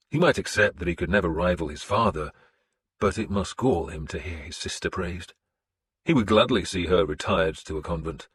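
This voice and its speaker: A man narrating an audiobook in the first person with a steady, measured delivery. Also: sits low, breathy edge.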